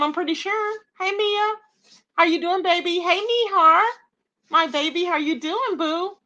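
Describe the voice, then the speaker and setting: A high-pitched woman hosts a chatty gossip livestream and keeps talking straight to her viewers. Her voice is bright and sharp, and her speech has features. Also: dull audio. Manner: chatty, greets viewers by name, calls them babe and child. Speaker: YouTube commentary livestream host. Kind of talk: casual livestream gossip commentary.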